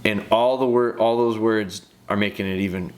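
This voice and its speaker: A man's voice: lowish voice, fairly even intonation, normal speed. A man breaking down a dog training video, talking straight to the handler in a direct, coaching way and repeating phrases for emphasis. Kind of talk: casual video breakdown commentary.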